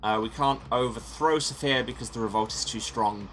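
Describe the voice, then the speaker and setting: A man's voice: mid-range voice, normal speed, a bit bright, soft background music. A man hosting a let's play, reading story text aloud and musing on his choices with wry humor. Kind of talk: reading game text and commenting.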